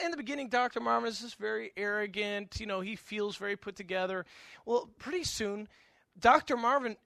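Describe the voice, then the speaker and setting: A man's voice: high voice, vocal fry, pushed and bright, no room sound. A middle-aged male pastor giving a conversational sermon, telling stories with animation and frequent stammered restarts.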